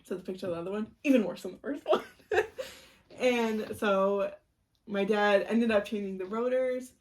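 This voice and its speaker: A woman's voice: medium pitch, normal speed, a little mellow, slight background noise. A young woman co-hosting a podcast, telling a story in casual chat, acting out the quotes, laughing and swearing. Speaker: podcast co-host.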